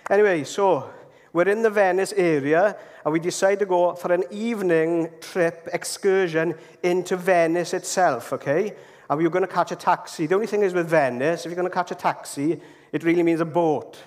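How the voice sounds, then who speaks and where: A Welsh man delivers a storytelling sermon in a fairly high voice, chatty and easygoing, often pausing to ask his listeners "okay?". His words ring on with the long reverb of a large hall. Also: a little mellow. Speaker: preacher.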